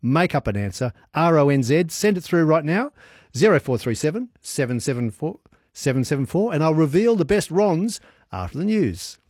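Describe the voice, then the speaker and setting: On an evening radio quiz show, the male host chats with callers in a chummy, upbeat way full of quick banter, speaking into a studio microphone. His voice is on the high side, sing-song, a little mellow and slightly rough, with no room sound.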